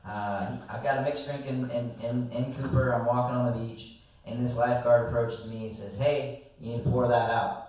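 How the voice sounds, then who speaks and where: A man's voice: medium pitch, normal speed. Rambling young man, echoey and distant. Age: young adult. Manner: rambling, animated, swears freely. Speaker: guest storyteller. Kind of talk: casual storytelling among friends. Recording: echoey room, distant mic.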